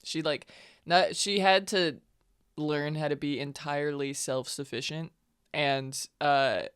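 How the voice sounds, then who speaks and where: Sick woman podcast co-host, low smooth voice, giggly, rambly, close and dry. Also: steady tone, takes it slowly, dry recording. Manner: giggly, rambling with many fillers. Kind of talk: casual chat.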